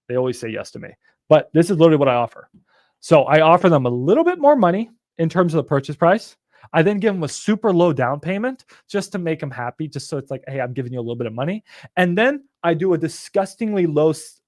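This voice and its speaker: A man teaching on a live stream in an energetic, rambling way, with some swearing. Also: fairly high pitch, fairly quick, no room sound, clean studio sound. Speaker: real estate investor teaching on a live stream.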